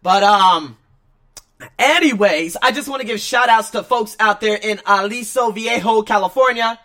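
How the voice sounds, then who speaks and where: A man hosting his own podcast, talking casually and rambling, swinging between loud excitement and low mutters. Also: moderate pace. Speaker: podcast host. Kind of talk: casual solo podcast talk.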